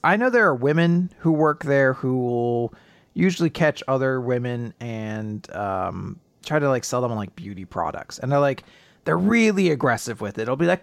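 A grieving man co-hosting a podcast, talking casually in a subdued, halting way with nervous laughs. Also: mid-range voice, gravelly, no echo. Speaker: podcast co-host.

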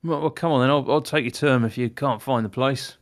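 A man's voice: mid-range voice, brisk. A man playing a tabletop game, talking casually and often searching for words. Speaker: player.

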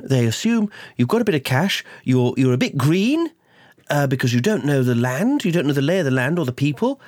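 A man's voice: mid-range voice, no room sound, clean studio sound. A man voicing a boastful male stage hypnotist who rambles with many restarts.

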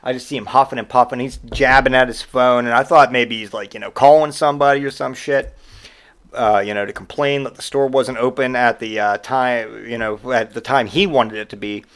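A man's voice: mid-range voice, fairly even intonation, brisk, a bit bright, smooth. A man hosting a podcast and telling stories in a casual monologue, exasperated and sarcastic, and he swears freely. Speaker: podcast host.

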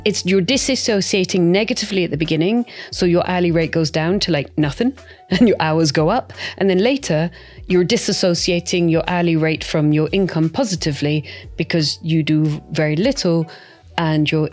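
A middle-aged woman, chatting as a podcast guest in an animated way with playful asides. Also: low-pitched. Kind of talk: casual podcast chat.

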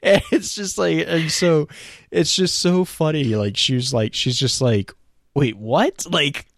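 A man's voice: fairly high pitch, a little slow, creaky, fairly bright tone, no echo, clean studio sound. A man co-hosting a podcast, retelling a story in casual chat with many restarts and bursts of laughter. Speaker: podcast co-host.

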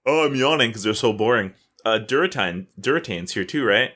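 A man co-hosting a casual gaming podcast, excitable and swearing freely. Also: medium pitch, fairly quick. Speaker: podcast co-host.

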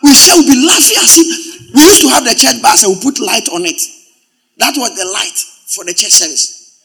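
Animated man preaching. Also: very high-pitched, moderate pace, slightly rough. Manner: animated preaching, swings from loud exclamations to quiet asides. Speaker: pastor. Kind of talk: sermon.

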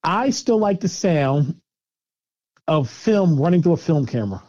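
Middle-aged male interview guest, higher pitch, animated and laughing, lo-fi dry recording. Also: a little slow. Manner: animated, repeats words while thinking, laughs often. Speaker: guest filmmaker. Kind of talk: casual interview answers. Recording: dull lo-fi dry sound.

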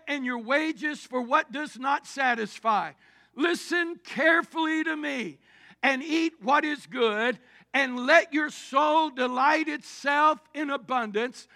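A male pastor from preaching a sermon, building to shouted, rhythmic declarations. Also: very high voice, creaky. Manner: preaching cadence, rising to shouts.

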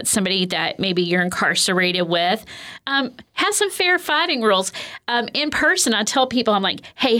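Lady counselor just talking, relaxed, lots of ums and you knows. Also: mid-range voice. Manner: conversational, filler-heavy, with lots of "um" and "you know". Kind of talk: explanatory interview talk.

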